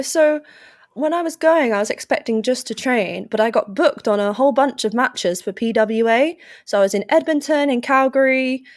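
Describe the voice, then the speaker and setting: A young woman from England with an English accent, chatting lively and playfully as a podcast guest. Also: fairly high pitch, dry recording, studio quality. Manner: lively, playful, puts on silly voices. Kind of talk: casual interview chat.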